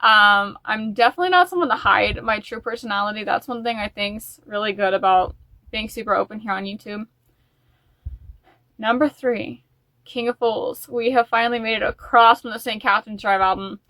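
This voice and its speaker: A woman's voice: mid-range voice, moderate pace, sharp tone, no echo. A woman chatting in a casual music vlog, rambling and openly emotional. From United States. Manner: chatty and rambling, with fillers and restarts. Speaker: music vlogger.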